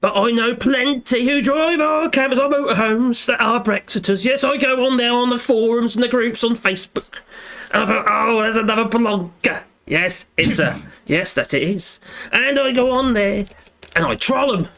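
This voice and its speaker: A man's voice: very high voice, moderate pace, fairly bright tone. A man hosting a casual live stream, chatting in a rambling way and tagging his lines with little repeated phrases.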